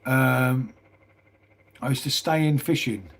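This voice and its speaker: A middle-aged man with a southern English accent, chatting loosely on a live stream from indoors. His voice is husky and sits at an ordinary pitch, and he fills his talk with "mate" and plenty of swearing. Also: slow, fairly bright tone. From England. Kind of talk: casual live stream chat. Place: small house indoors.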